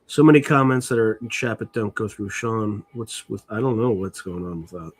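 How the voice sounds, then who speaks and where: A man's voice: fairly low pitch, moderate pace. A middle-aged man hosting a livestream, chatting casually and muttering while he reads comments. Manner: rambling, muttering while reading chat. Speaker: livestream host.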